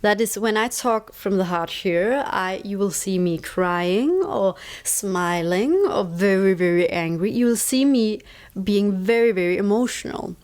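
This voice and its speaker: Speaking at a measured pace in a mid-range, darkish voice, this interview guest from Denmark lays out her thinking about stress in a thoughtful, conversational way. Danish is her native language, her accent shows it, and she emphasizes points by repeating words.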